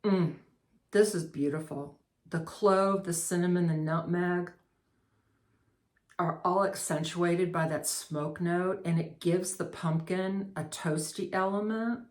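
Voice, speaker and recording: A middle-aged woman chatting through a candle review, reading scent notes and telling a long personal story in an unhurried, savoring way. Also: on the low side, fairly even intonation. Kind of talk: casual product review and storytelling.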